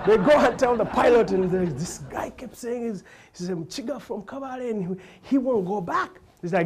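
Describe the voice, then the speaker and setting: A man's voice: normal speed, slight background noise. A man with a Ugandan English accent telling comic stories, acting out characters as he goes. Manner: animated, acts out characters with big pitch jumps. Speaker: comedian. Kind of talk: stand-up storytelling.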